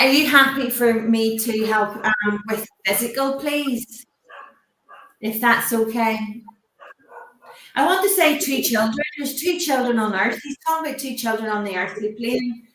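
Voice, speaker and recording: A woman's voice: fairly high pitch, a little hiss or hum. Woman medium, echoey room. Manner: halting, gently reassuring, asks permission often. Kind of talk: live mediumship demonstration. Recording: roomy echo.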